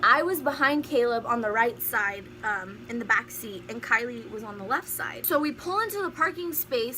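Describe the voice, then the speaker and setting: Young woman vlogger, high and bright, animated storyteller who laughs through the tale. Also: a little hiss or hum. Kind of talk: storytime vlog.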